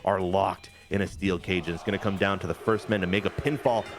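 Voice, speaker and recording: A man with a fairly low voice tells a joking, animated play-by-play of wrestling game matches. Faint music plays behind him while he talks. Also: a little fast. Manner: animated, jokey play-by-play storytelling. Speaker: co-host recapping a wrestling game. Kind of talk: casual gaming chat.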